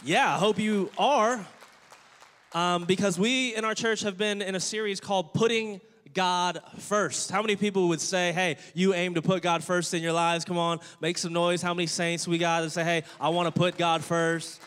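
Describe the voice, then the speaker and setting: A man preaching a sermon as pastor, energetic and joking, calling on the congregation to respond. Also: high-pitched, moderate pace, smooth. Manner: jokey, playful asides. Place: church sanctuary. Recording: long church-hall reverb.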